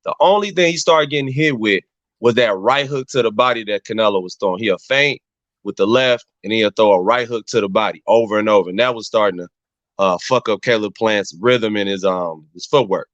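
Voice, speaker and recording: A man's voice: lowish voice, brisk, fairly bright tone, no room sound. A man in casual barbershop chat, breaking down a fight emphatically, repeating his points and talking to everyone as y'all. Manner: emphatic, repeats phrases, addresses the crowd as y'all. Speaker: barbershop regular giving boxing analysis. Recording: dull, slightly muffled, dry sound.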